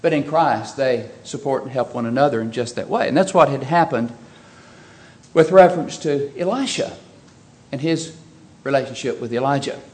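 A man preaching a sermon, earnest and rhetorical, swinging between loud and soft. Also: mid-range voice, moderate pace. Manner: earnest, rhetorical questions, varying loudness.

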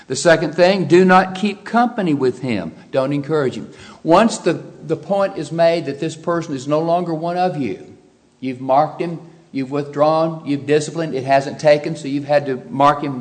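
A man preaching a sermon, stressing and repeating key phrases, moving between forceful emphasis and quieter explanation. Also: on the high side.

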